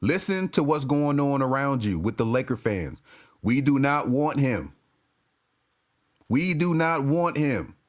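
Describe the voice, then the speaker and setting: A man's voice: mid-range voice, sing-song, measured pace. A man giving a casual, profane sports-fan rant to camera, laughing and repeating himself as he goes.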